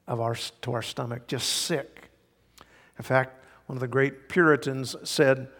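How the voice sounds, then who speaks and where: A man preaching a sermon in a church, emphatic, swinging between loud and hushed. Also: mid-range voice, creaky. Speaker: pastor. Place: church sanctuary. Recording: long hall reverb.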